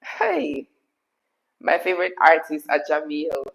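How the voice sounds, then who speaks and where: A Jamaican woman from Jamaica hosting a casual live stream from her kitchen, hoarse from being sick, chatty, laughing often and slipping into patois. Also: fairly low pitch, animated, measured pace, poor audio. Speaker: YouTube host answering live chat.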